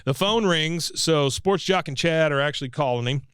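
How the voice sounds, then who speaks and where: A man's voice: on the high side, moderate pace, a bit bright, smooth, no room sound, clean studio sound. Podcast man recapping a cartoon episode. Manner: retells scenes, briefly mimicking characters. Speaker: podcast co-host. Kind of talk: casual recap chat.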